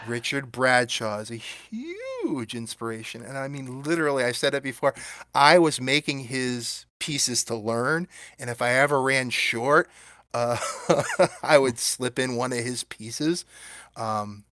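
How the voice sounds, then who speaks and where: A man talking casually as an interview guest, telling animated stories with bursts of acted-out quotes. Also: medium pitch, measured pace, dry recording, clean studio sound. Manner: animated, acts out quoted voices. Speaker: guest puppeteer.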